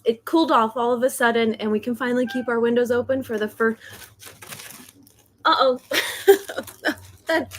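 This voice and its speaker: A young woman with a slightly high voice chats nervously to viewers on a livestream from home. She laughs often and talks in a loose, friendly way. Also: fairly bright tone. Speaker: host of a decluttering channel, author. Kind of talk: casual livestream chat. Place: home in South Korea.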